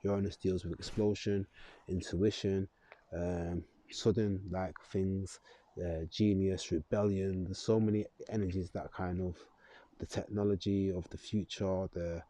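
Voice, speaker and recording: Low, dark-voiced man. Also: flat delivery, unhurried, dry recording. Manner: rambling, chuckling, loose, self-correcting. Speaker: astrology vlogger. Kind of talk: casual astrology talk to camera.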